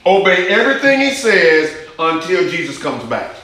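A man preaching a sermon, emphatic, rising to high urgent questions and dropping to low intense asides. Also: very animated, normal speed, sharp tone, very echoey, poor audio.

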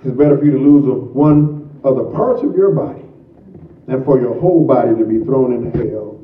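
A man's voice: medium pitch, brisk, slight background noise. A man preaching a sermon, emphatic and repeating key phrases for weight. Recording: roomy, distant, dull sound.

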